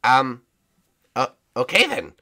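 A man playing a goofy, lovesick old wizard king who rambles and stumbles through his words. His pitch leaps all over the place, and his talk is full of ums and nervous restarts. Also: wildly swooping pitch, takes it slowly, pushed and bright, heavily acted. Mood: bumbling. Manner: rambling, hesitant, lots of ums. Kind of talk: voicing a character over gameplay.

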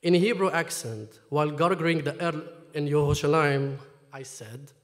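Man, author from Jerusalem; emphatic talk and reading, slightly high pitch, reverberant hall. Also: lively intonation, moderate pace. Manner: emphatic, questioning the audience. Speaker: author at book launch. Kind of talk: talk then reading from his memoir. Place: lecture hall.

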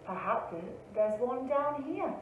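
A wistful young bear cub pleads in a slow, high, sing-song storybook voice, as a woman puts him on. The pitch swings widely from word to word. It sounds thin and phone-like, with a big echo and the mic far away. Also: animated, slight background noise. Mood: pleading. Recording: echoey, phone-like, from a distance.

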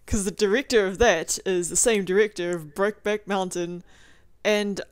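Rambling young woman with a smooth voice. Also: mid-range voice, fairly even intonation, moderate pace, no room sound. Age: young adult. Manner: rambling, profane, filler-heavy with lots of "like". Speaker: vlogger. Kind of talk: casual video diary.

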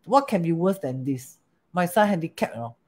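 A woman with a Singaporean accent teaching a lesson, animated, often asking rhetorical questions and switching languages. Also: lowish voice, moderate pace. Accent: Singaporean English. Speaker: teacher of Chinese metaphysics. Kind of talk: storytelling lesson.

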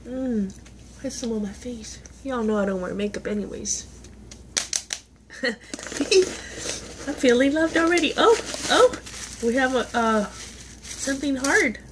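A woman's voice: a little high, slow, long pauses, noisy background. A woman, chatting casually on a vlog as she opens gifts, gushing, gasping and laughing. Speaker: vlogger. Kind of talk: casual unboxing chat.

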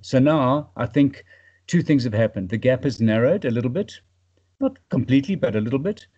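A man from South Africa, a paragliding pilot and podcast guest, chatting casually and trailing off into quiet fragments. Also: mid-range voice, lively intonation, brisk, breathy edge, muffled recording.

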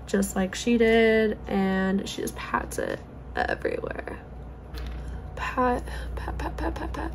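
A young woman chatting through a makeup tutorial, self-deprecating and giggly, a little hoarse. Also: fairly high pitch, a little hiss or hum. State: slightly hoarse from allergies. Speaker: beauty vlogger. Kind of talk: casual makeup tutorial chat.

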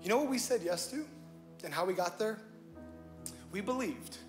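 Male pastor with a high voice, preaching to a live congregation with an animated, jokey delivery that swings between loud and quiet. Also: moderate pace, music in the background. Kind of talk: sermon. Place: church stage before a live congregation.

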